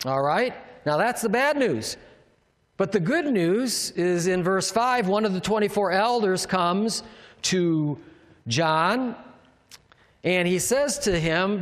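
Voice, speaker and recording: High-voiced preacher in a reverberant hall. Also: male voice, lively intonation, takes it slowly. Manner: emphatic, asks the congregation questions. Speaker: pastor. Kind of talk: sermon.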